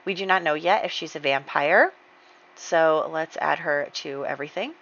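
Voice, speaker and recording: Young woman doing let's-play commentary, kinda low voice, rambly with lots of likes and ums, slightly muffled mic. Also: normal speed, a bit bright. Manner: chatty, rambling, lots of "like" and "um" fillers; retells the game characters' lines. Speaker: gaming channel host.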